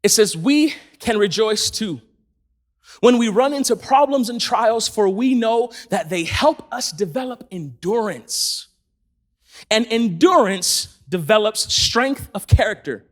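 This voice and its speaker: A man's voice: sits high, animated, measured pace. A man giving a sermon as a church team speaker, telling stories with energy, laughing and raising his voice at the peaks.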